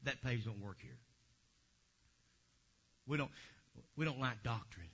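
A male pastor preaching a sermon in a church, animated and joking with the congregation, breaking into shouts, on a dull lo-fi recording. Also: medium pitch, unhurried, breathy edge.

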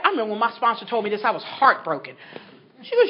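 A woman sharing her story with an audience at a recovery meeting, animated and laughing as she talks. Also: on the high side, fast, breathy edge. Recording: dull recording with a crowd behind.

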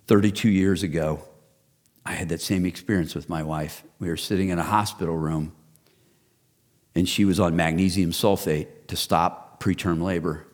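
A man in his fifties, a pastor preaching a sermon, who builds to loud rhetorical questions and then drops low and soft.

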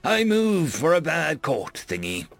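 A man voicing a deranged, mocking ancient ship AI that blurts odd catchphrases in a shrill singsong. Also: wildly swooping pitch, a little slow, vocal fry, dry recording, faint music behind, heavily acted. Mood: manic.

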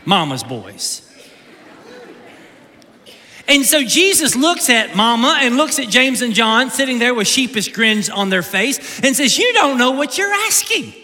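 A man preaching in a high, sharply bright voice that swings widely up and down, joking with the congregation and doubling back on his words. The sound rings with the long reverb of a large church hall. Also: unhurried, pauses often. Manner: animated, joking, repeats words mid-sentence. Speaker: pastor. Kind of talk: humorous sermon.

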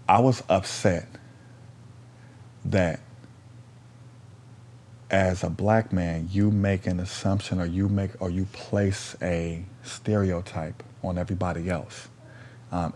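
A man telling a story in a casual, animated way, full of slang and profanity, repeating lines for emphasis. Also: low voice.

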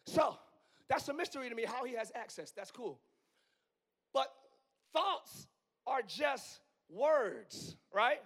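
Man, pastor, 40s, very high voice, hoarse, quiet musing to yelling, live sermon. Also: animated, slow pace, long pauses. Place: church sanctuary.

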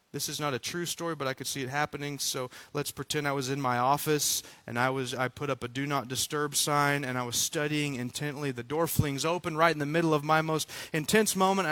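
High, bright-voiced animated pastor. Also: male voice, no room sound. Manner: animated, acts out quotes, frequent repeated words. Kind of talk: sermon.

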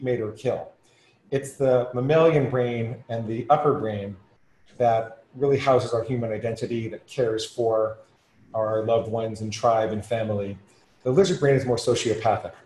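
A man's voice: mid-range voice, a little mellow, a little hiss or hum. A man as a podcast guest, explaining earnestly and with rising emphasis. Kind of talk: conversational explaining. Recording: echoey room with faint ambience.

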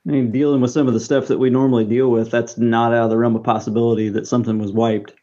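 A man at a tabletop game table talks fast, thinking aloud as his character. His voice is dark and mellow. The sound is dull and muffled. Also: medium pitch, level tone. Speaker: player. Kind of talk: casual chat at a game table.

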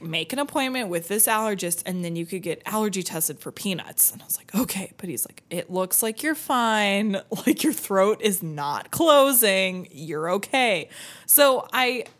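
Animated young woman telling a story. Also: mid-range voice, unhurried. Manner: animated, laughing, acts out quoted voices, many fillers. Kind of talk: casual storytelling.

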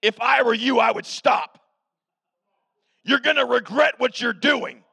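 A man preaching a revival sermon as pastor, shouting with emphasis and then dropping to a hush. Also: extremely high pitch, measured pace, vocal fry, husky, dry recording. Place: church sanctuary.

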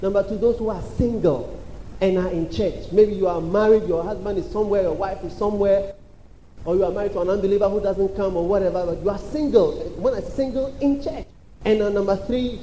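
High-voiced preaching man, echoey church. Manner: emphatic, repetitive preaching with call-and-response; acts out quoted voices and shouts. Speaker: pastor. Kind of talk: sermon. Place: church hall. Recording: echoey church hall with faint background noise.

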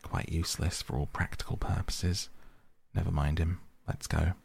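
A man voicing a hot-tempered male water rat in a storybook reading, shouting indignantly and speaking firmly. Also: deep voice, little pitch movement, normal speed, vocal fry, husky, exaggerated voice. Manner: indignant shouting, then firm and stern.

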